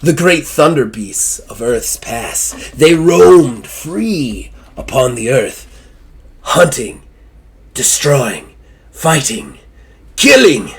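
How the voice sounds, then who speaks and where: A man voicing a grandiose alien safari host who speaks slowly and theatrically. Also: medium pitch, very animated, slightly rough, full character voice.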